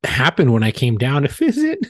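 A man's voice: mid-range voice, huge pitch swings, fairly quick, no echo. Blunt, profane man telling a story. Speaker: podcast co-host. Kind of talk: casual podcast banter.

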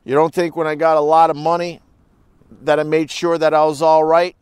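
Man, live-stream host, casual rambling chat, profane, fairly high voice, dry close sound. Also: level tone, brisk, darkish tone, clear, resonant tone, no room sound.

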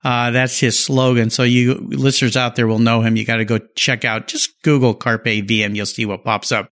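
A middle-aged man hosting a podcast interview, enthusiastic, stressing words slowly. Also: mid-range voice, little pitch movement, fairly bright tone. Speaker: podcast host.

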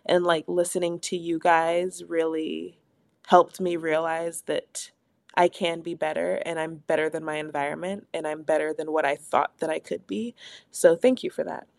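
A young woman co-hosting a casual podcast, animated and quick to laugh, swearing freely as she talks. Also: sits low, creaky, no echo, studio quality. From Pacific Northwest of the US. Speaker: podcast co-host.

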